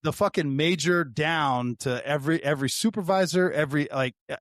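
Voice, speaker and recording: A man's voice: on the high side, brisk, no echo, studio quality. A man, a retired deputy co-hosting a podcast, telling a story in casual chat. He swears freely, talks animatedly and often restarts his sentences. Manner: profane, animated, frequent restarts.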